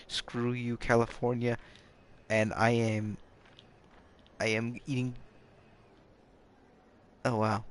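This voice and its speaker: In a clean, mid-range voice with a level tone, a game streamer speaks slowly and leaves long pauses. It's late at night, so he keeps things quiet while he rambles, acts goofy, and playfully mocks himself over the game music.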